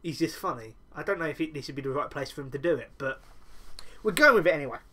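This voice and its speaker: A man's voice: fairly high pitch, animated, quick pace, bright, forceful tone. A man hosting a podcast, talking alone in a casual, rambling way and often correcting himself. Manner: rambling, self-correcting storyteller. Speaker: podcast host. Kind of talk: casual solo podcast monologue.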